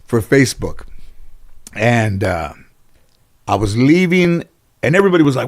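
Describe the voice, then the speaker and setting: A man's voice: mid-range voice, moderate pace, vocal fry. A man in a casual interview, telling long anecdotes full of fillers and restarts, and acting out the people he quotes. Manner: rambling, filler-heavy, animated when quoting others. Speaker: interview guest.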